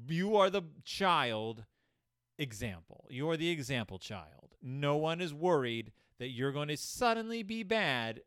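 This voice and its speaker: A man's voice: on the high side, clear, resonant tone, no room sound, studio quality. A young man giving sarcastic, comedic commentary on a children's book, jumping into voices. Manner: sarcastic, animated, puts on voices. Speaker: host reviewing a children's book.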